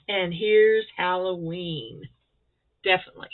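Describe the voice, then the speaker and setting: A woman's voice: medium pitch, measured pace, long pauses. Gushing woman crochet vlogger, tinny sound. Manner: gushing, excited, chatty. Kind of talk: casual show-and-tell chat.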